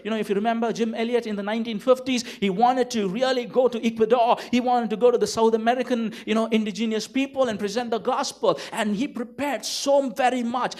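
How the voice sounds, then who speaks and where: A pastor preaches with a rather high voice for a man. He keeps turning to his listeners with questions like "right?" and "you know that?". His delivery is emphatic and driven. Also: darkish tone. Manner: emphatic, full of rhetorical questions to the congregation. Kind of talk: sermon.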